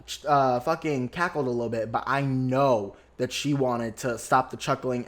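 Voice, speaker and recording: A young man hosting a podcast, giving a sassy, gossipy recap of reality TV with lots of swearing and dramatic asides. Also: medium pitch. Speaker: podcast host.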